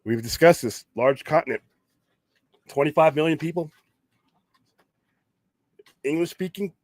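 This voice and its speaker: This podcast host runs a late-night geek talk show, rambling casually and voicing strong opinions with frequent restarts and the odd swear word. His voice sits on the high side, his pace is moderate, and there's no room sound.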